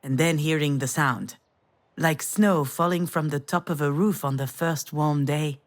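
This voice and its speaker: An actress playing a gentle middle-aged mother in a visual novel, telling a memory in a soft, reminiscing way. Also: low-pitched, measured pace. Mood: tender. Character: tender mother recalling the past, gentle. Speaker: game character. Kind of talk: visual novel storytelling monologue.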